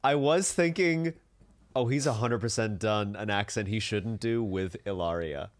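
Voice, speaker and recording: A man's voice: fairly low pitch, a little slow. A man co-hosting a casual podcast, chatting with wry asides. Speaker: podcast co-host.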